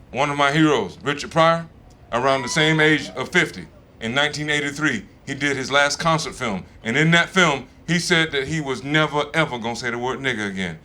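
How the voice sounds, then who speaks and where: A man in his fifties with a Southern American accent, doing a stand-up comedy set in a relaxed, conversational and profane way. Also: on the high side, a little hiss or hum. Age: 50s. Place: comedy stage in front of a live audience.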